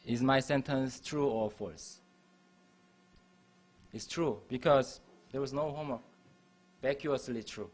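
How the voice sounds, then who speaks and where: A man giving a university math lecture, explaining patiently and restarting phrases as he goes. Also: medium pitch. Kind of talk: classroom lecture.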